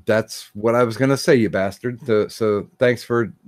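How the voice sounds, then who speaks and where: A man hosting a podcast, talking casually and haltingly with frequent pauses. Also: fairly low pitch, no echo, studio quality. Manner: halting, many fillers and restarts. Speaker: podcast host.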